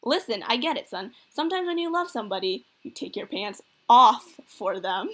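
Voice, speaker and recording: Girl reading out a corny middle-aged dad who won't stop teasing, kinda high voice. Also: sing-song, normal speed, sharp tone, exaggerated voice. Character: teasing middle-aged single father, goofy.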